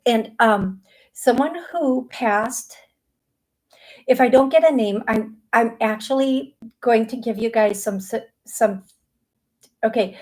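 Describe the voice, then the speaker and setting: Middle-aged woman medium hosting a live show; slow, easygoing delivery, chatty with many restarts. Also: mid-range voice, darkish tone, low-quality recording. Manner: chatty, laughs easily, many restarts and fillers. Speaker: psychic medium show host. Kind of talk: live call-in show talk.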